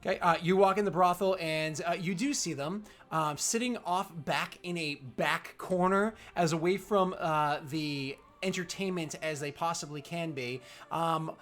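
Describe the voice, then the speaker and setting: A game master narrating a fantasy tabletop game, halting and full of fillers. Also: mid-range voice, fairly bright tone.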